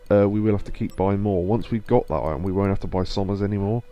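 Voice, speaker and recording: Chatty, lowish-voiced man streaming a game. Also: fairly even intonation, fast, mellow, faint music behind. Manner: chatty, rambling, muttering to himself, reads mission text aloud. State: stuffy nose, sniffing. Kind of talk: casual live gameplay commentary. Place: home streaming setup.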